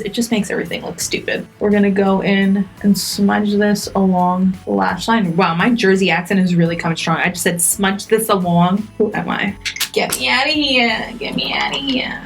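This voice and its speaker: A young woman chatting casually through a makeup tutorial, self-mocking and talking straight to her viewers. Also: medium pitch. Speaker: beauty vlogger.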